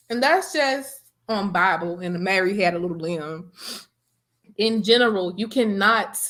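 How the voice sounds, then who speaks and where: A woman co-hosting a podcast in casual chat, blunt and animated, swearing freely as she talks. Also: mid-range voice. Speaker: podcast co-host.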